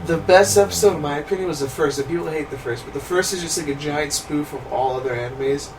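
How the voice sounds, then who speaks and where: A young man chatting casually on a movie commentary, an animated storyteller who laughs often and slips into loud impressions. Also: on the high side, fast. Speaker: co-host. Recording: noisy, distant room recording.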